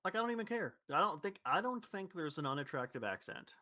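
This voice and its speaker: A man's voice: on the high side, very animated, fast, sharp tone, no room sound. Rambling guy with a neutral accent. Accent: neutral General American. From Louisville, Kentucky. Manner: rambling, self-correcting, with many restarts. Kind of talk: casual chat.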